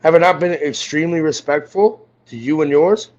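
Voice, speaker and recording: A man's voice: fairly high pitch, normal speed. A man ranting angrily and profanely on a livestream, confronting someone he is arguing with. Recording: dull lo-fi audio.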